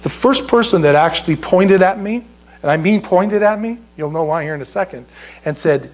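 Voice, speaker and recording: Pastor, man in his 60s, high-pitched, animated emphatic sermon storytelling. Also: normal speed. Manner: animated, emphatic, rises sharply when stressing a point.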